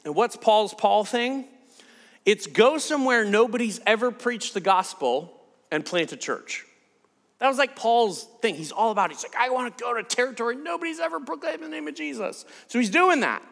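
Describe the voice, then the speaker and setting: A man preaching a casual, animated sermon who acts out the people he quotes. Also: extremely high pitch, normal speed, creaky, big-room sound.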